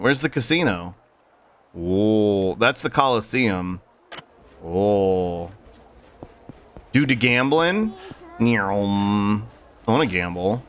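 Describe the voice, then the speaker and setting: Lively young male game streamer. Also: fairly low pitch, slow pace, long pauses. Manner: casual, swears a lot, laughs often, chats with viewers. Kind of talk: casual gameplay livestream chat.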